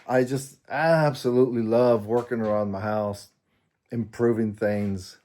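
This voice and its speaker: A man's voice: medium pitch, fairly even intonation, measured pace, dark tone. Chuckling Mexican-born man in his fifties. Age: 50s. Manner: rambling, chuckling, self-deprecating. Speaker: vlogger. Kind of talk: casual personal vlog.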